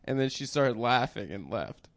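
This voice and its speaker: A man's voice: mid-range voice, big pitch swings, normal speed, a bit bright, no room sound. A man on a comedy podcast, telling embarrassing stories offhandedly and laughing through them. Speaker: podcast guest. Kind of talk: casual comedic chat.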